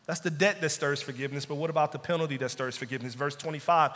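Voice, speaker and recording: A man's voice: fairly high pitch, racing, a bit bright. A man preaching a sermon as pastor, building in intensity and dropping into pleading asides. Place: church sanctuary. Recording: long church reverb.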